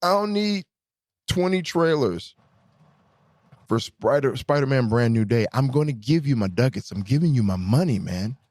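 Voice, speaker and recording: A man hosting his podcast, riffing in an animated, profane, emphatic way in casual chat. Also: mid-range voice, moderate pace. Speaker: podcast host.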